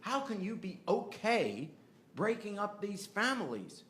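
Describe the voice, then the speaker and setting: A man's voice: high voice, very animated, a little slow, a bit bright. An older man, a podcast host, telling a personal family story and growing impassioned as he argues his point. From United States. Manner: earnest, rising to impassioned.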